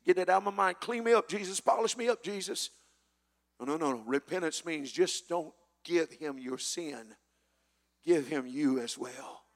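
A man preaching a sermon as pastor, quoting scripture loudly and asking the congregation to repeat after him. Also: a little high, normal speed, creaky, in a large hall. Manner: preaching with shouted scripture and call-and-response.

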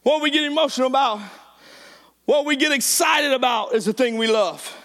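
A man preaching a sermon with a shouted, sing-song cadence, repeating his lines for emphasis. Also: very high-pitched, normal speed.

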